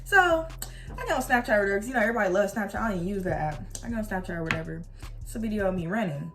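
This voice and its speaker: An animated young woman tells a story in a loose, slangy way, jumping up in pitch as she acts out what everyone said. Faint music plays quietly behind her voice. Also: very fast. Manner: animated, slangy storytelling with quoted dialogue and laughs. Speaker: vlogger. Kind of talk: casual storytime.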